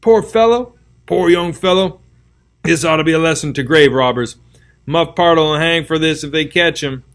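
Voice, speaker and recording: A man's voice: a little high, normal speed, fairly bright tone. A man reading a storybook aloud, voicing a male townsperson who pities the victim and gossips about a hanging. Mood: pitying. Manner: pitying, grimly gossipy.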